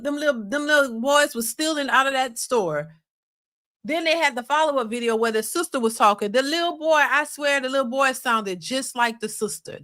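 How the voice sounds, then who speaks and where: A woman hosts a live reaction stream in a voice. She sounds bright and fairly high. She talks emphatically and restarts her sentences often. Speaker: reaction channel host.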